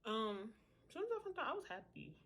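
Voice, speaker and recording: A woman's voice: fairly high pitch, very animated, quick pace, a bit bright, slightly rough. Chatty, candid woman vlogging to camera. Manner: chatty, candid, talks straight to viewers. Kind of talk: casual chat to camera.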